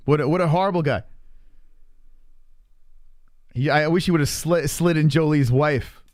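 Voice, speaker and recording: A man's voice: a little high, fairly quick, no room sound, studio quality. A man hosting a live stream, chatting casually and teasing his chat with lots of swearing. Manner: profane, teasing, rambling with restarts.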